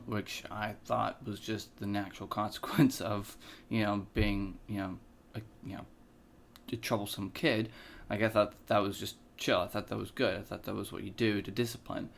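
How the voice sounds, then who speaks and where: A man with a gravelly, fairly low voice chats casually as a podcast co-host. He talks haltingly, restarting his sentences and leaning on fillers as he works out his thoughts. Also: little pitch movement. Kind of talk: casual discussion.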